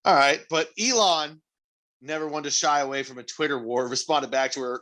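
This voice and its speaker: A man's voice: a little high, brisk, pushed and bright. A man co-hosting a podcast in casual banter, teasing and sarcastic. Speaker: podcast co-host.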